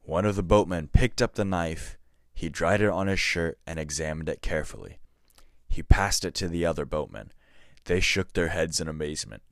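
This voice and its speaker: A man with a very deep voice reads a story aloud as a podcast host. He narrates in a measured, scripted way. The sound is dry and close. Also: dry recording.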